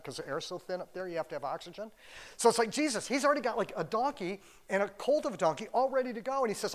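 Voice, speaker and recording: A man, a pastor, preaching a casual, animated sermon full of "like" fillers. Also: high voice.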